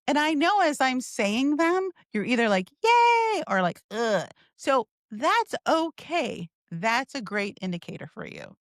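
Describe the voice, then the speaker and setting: Upbeat woman sales coach, lively voice. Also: high-pitched, unhurried, few pauses, no room sound, studio quality. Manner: upbeat, expressive, acts out example lines. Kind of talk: teaching monologue.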